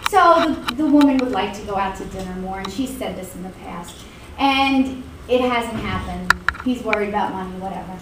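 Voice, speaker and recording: A middle-aged woman teaching a college class in a lively way, acting out quoted voices and laughing often. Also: medium pitch, a little fast, recorded from a distance, a little hiss or hum. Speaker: college instructor. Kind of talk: classroom lecture. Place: lecture hall. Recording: echoey classroom recorded from afar.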